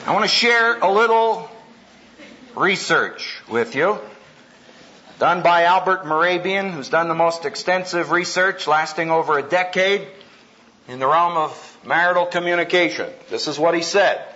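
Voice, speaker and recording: A man preaches to a live audience in a punchy, humorous way and acts out little scenes. His voice is bright and forceful, set a bit high. The old recording is muffled, with a faint hiss. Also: measured pace. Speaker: speaker at a Christian conference. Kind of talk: sermon. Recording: dull lo-fi tape with faint hiss.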